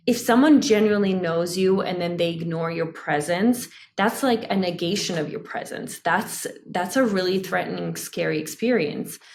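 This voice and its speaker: A psychotherapist in her thirties, appearing as a guest in a conversational interview, speaks animatedly, laughing often and filling her speech with "like." Her voice sits at a medium pitch, and there's slight noise in the background.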